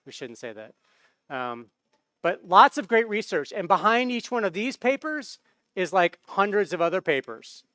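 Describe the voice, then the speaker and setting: A man's voice: sits high, big pitch swings, moderate pace, pushed and bright, dry recording. An American man giving a conference talk on stage into a microphone, in a casual, conversational way with frequent tag questions. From United States. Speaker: conference speaker.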